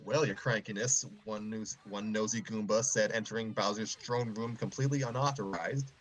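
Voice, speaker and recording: A man's voice: lowish voice, steady tone, moderate pace, low-quality recording. Man reading a story aloud. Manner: clears his throat often between passages. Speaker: story reader and show host. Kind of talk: reading a fan story aloud with joking asides.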